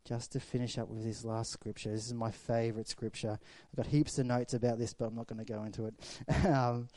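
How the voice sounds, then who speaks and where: A man, a pastor preaching a sermon, swinging between loud storytelling and hushed reflection. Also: medium pitch, level tone, brisk, dry recording.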